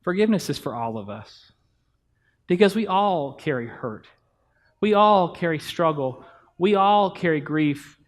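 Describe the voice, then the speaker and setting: A man's voice: a little high, lively intonation, a little slow. A pastor in his thirties giving a conversational sermon in a church, telling family stories and acting out bits of dialogue. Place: church sanctuary.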